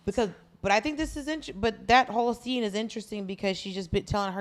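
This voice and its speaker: A woman co-hosts a podcast in a mid-pitched voice. She chats casually through a drama recap. She keeps tossing in quick jokes and strings of wordplay. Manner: quick jokey riffs and wordplay. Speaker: podcast co-host.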